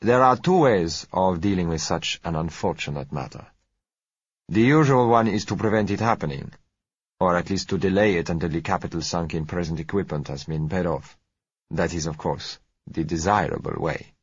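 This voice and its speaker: A man voicing a smooth, polite South American oil dealer who speaks slowly and knowingly. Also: low-pitched, no room sound, lo-fi sound. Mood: suave. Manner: polite, gentle, slow and knowing.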